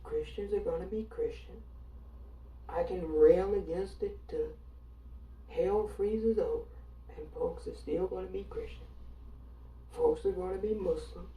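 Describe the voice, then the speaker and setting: A woman's voice: lowish voice, dark tone, slight background noise. Woman, from Alabama, emphatic monologue, sarcastic, defiant, roomy sound, distant mic. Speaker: online commentator.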